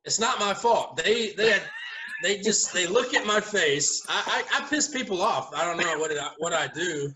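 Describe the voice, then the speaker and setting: A man chatting casually at a round table, telling lively stories and laughing often as he goes. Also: high-pitched, moderate pace, rough recording. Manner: animated storyteller, laughs often. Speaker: haunt owner, podcast regular. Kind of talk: casual storytelling chat.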